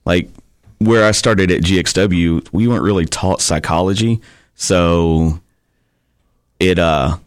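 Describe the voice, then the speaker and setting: Deep-voiced man, dry sound. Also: takes it slowly, long pauses, clean tone, no room sound. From Tennessee, USA. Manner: relaxed storytelling with frequent fillers. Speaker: guest pro wrestler. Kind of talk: casual podcast chat.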